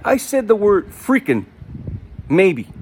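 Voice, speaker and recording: A man with a somewhat high voice rants to the camera in a casual vlog monologue. He circles back over the same points and repeats himself. His indignation builds into heated outbursts. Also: big pitch swings, slow, a little hiss or hum. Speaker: vlogger.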